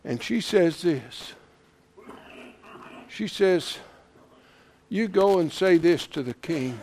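High-voiced preacher building to shouts. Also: male voice, expressive, slow pace, a little hiss or hum. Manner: builds to loud impassioned shouting, with chuckles. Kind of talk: sermon.

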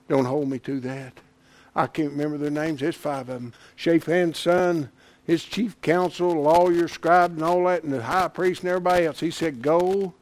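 A preacher with a high-pitched voice delivers a sermon. He swings from hushed storytelling to fervent, loud shouting and laughs between lines. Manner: builds to loud impassioned shouting, with chuckles.

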